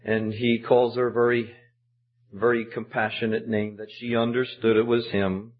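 A man's voice: mid-range voice, little pitch movement, normal speed. A man preaching a sermon as pastor, telling the story with emphatic, dramatic delivery. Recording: dull lo-fi sermon recording.

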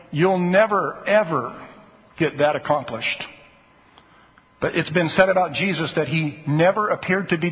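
A man preaching a sermon as a pastor, earnest and pressing harder on key phrases. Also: on the high side. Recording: tinny phone-like sound in a reverberant hall.

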